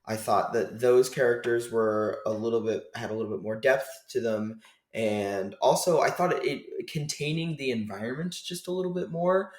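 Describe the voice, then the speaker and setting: A man hosting a casual film review chat, hesitant and filling pauses with ums as he thinks aloud. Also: mid-range voice, reverberant. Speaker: podcast host.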